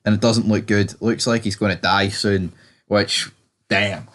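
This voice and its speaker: A man's voice: on the low side, fairly even intonation, measured pace, a bit bright. A young man giving a casual, rambling recap of a TV episode, full of fillers and restarts. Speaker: TV episode reviewer.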